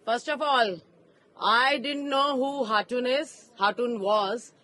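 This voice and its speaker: Brief: female street preacher, high voice, impassioned, outdoor park, handheld mic. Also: takes it slowly. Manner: fervent, rising to emphatic shouts.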